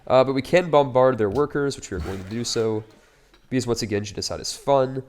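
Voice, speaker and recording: A man talking through his strategy game at a medium pitch, chatty and upbeat. He drops wry, joking asides as he goes. The tone is casual, like a let's play host. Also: a little fast, darkish tone.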